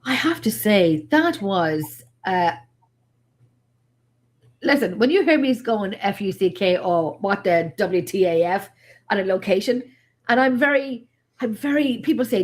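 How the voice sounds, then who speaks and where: A woman's voice: medium pitch, a little slow. A middle-aged woman chatting on a paranormal panel, telling blunt, joking stories with lots of emphasis. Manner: animated, emphatic storyteller with blunt jokes. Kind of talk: casual panel chat.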